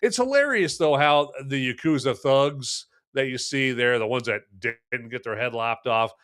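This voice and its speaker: A man's voice: mid-range voice, normal speed, a bit bright, clean tone. A man hosting a live movie review podcast, rambling and joking while answering the live chat. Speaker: podcast host.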